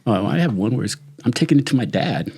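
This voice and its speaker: Brief middle-aged man, husky voice, swings all over the place, laughs a lot, swears loose. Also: medium pitch, fast talker. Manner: animated, laughing, swearing freely. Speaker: retired sheriff's deputy, guest. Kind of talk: casual storytelling chat.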